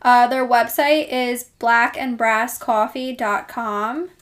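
A woman with a New Jersey accent and a fairly high voice co-hosts a casual podcast. She sounds bubbly and agreeable, with an easy, giggly way of chatting. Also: slow pace, a bit bright. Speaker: podcast co-host. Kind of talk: casual chat.

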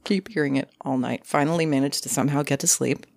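A woman casually telling a ghost story from her youth, lively and acting out creaking sounds and other people's voices. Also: rumbling low, fast, dry recording. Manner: animated, acts out creaks and quoted voices.

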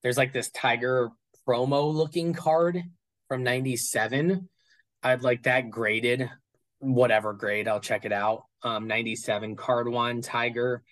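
A man's voice: medium pitch, steady tone, unhurried, fairly bright tone, poor audio. A man speaking as an interview guest about his collection, talking casually and rambling with many fillers and restarts.

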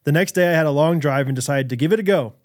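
An American man co-hosting a podcast in casual chat, laughing often and breaking into loud movie-quote impressions. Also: a little high, racing. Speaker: podcast co-host.

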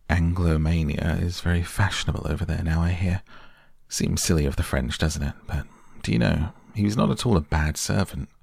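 A man voicing a petulant, languid young gentleman in a soft bedtime audiobook reading. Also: a bass voice, vocal fry, slightly rough, no room sound, studio quality, heavily acted. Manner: petulant, airy.

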